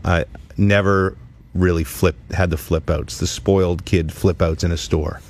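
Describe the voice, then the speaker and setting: A middle-aged man from Canada hosting a comedy podcast, telling a story in casual chat and acting out the people in it. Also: unhurried. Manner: animated storyteller, acts out quotes with high shrieks and laughs. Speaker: podcast host.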